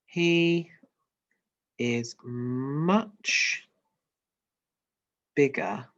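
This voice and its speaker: A storybook goat talks its way out of trouble with slow, careful bargaining, as a teacher puts it on. The sound is dull and lo-fi. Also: mid-range voice, fairly bright tone. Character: quick-thinking middle goat.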